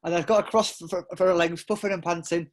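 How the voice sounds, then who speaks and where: Talking at a quick pace with a high voice and fairly even intonation, this middle-aged English podcast guest recounts stories in a loose, rambling way. He interrupts himself, restarts often, leans on fillers, and laughs a good deal.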